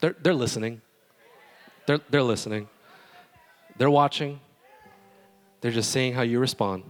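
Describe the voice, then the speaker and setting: A man preaching a sermon as pastor, animated and conversational, with humorous storytelling. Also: medium pitch, measured pace.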